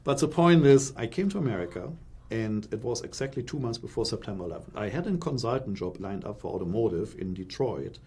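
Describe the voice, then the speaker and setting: A middle-aged man from Germany with a German accent, a guest in an interview, telling his story with animated, acted-out quotes. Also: lowish voice, fairly quick, slight background noise.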